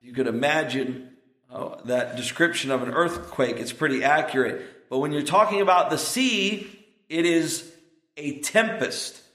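A man delivers a sermon at an unhurried, deliberate pace, his voice sitting slightly high for a man. He builds earnestly toward emphatic peaks on key points. The room around him rings with a roomy echo. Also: fairly bright tone. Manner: slow, earnest preaching with rising emphatic peaks. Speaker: preacher.

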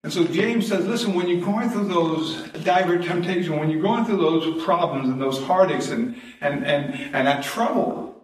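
A middle-aged pastor delivers a sermon with homespun anecdotes, often chuckling at his own humor. His voice sits slightly high and reaches the mic from across the room. A big church echo rings around every word. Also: normal speed. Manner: folksy storytelling, chuckles at own jokes. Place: church sanctuary. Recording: very echoey church from a distance. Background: congregation responses.

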